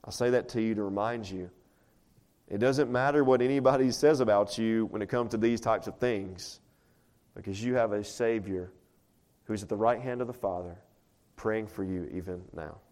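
A pastor with a fairly low, slightly mellow voice speaks at a moderate pace during a sermon before his congregation at church. He keeps it conversational and chatty, frequently asking rhetorical questions.

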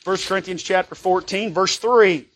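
A man preaching a sermon as pastor, emphatic and conversational, often asking the congregation for an amen and reading scripture slowly. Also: sits high, fairly bright tone. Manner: emphatic, calls for amens, reads scripture slowly.

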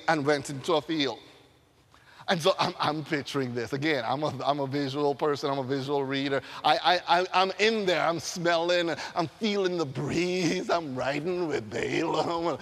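A male preacher delivers a sermon with animated storytelling, sound effects and frequent laughter. His voice is high and swings widely in pitch. A long reverb from a large hall hangs on every phrase. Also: measured pace.

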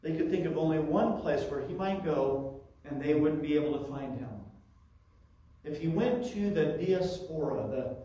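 A man with a fairly high voice preaches through a scripture passage, stopping often for asides. He sounds distant from the mic in a very echoey room. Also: normal speed, dark tone. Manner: teaching verse by verse with asides. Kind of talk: expository sermon.

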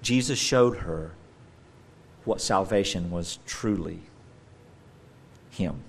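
A male preacher giving a sermon, animated and emphatic, with playful joking asides. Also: deep voice, slow, gravelly, slight background noise.

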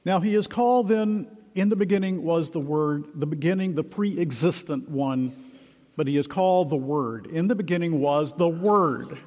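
A man preaching an expository sermon, emphatic and measured, slowing down to stress key words. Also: a little high, darkish tone. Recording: long hall reverb.

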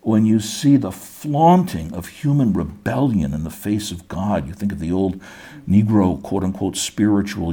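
A man's voice: sits low, expressive, moderate pace, warm tone, slightly rough. A middle-aged man preaching a sermon as pastor, earnest, often repeating words as he builds a point.

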